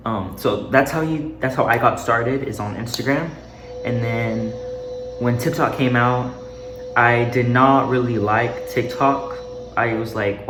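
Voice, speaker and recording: A man's voice: medium pitch, measured pace. A young man giving casual modeling advice while walking around a room, a little out of breath, chatty with loose restarts. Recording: echoey room, faint noise.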